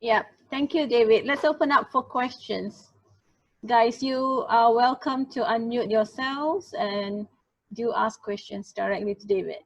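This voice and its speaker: A woman's voice: a little high, measured pace, dull audio. A woman moderating a webinar question session over a video call, speaking casually with hesitant fillers.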